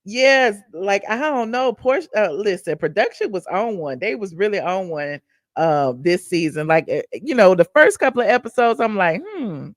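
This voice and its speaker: A woman with a Southern American accent, hosting a show where she recaps a reality show and chats with her viewers in a sassy, animated way. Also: medium pitch, moderate pace, dry recording, studio quality. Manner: chatty, sassy, animated storytelling. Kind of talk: casual chat with live chat.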